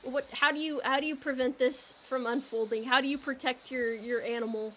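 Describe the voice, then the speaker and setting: A woman's voice: high-pitched, animated, moderate pace, few pauses, bright, forceful tone. A young woman streamer chatting casually with her viewers while she plays, rambling and joking and laughing often.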